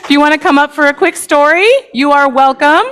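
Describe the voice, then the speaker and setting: A woman leading a story for all ages at a congregation service, lively, chatty and inviting, speaking into a microphone. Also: high voice, brisk, long reverb tail. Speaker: worship leader. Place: congregation sanctuary.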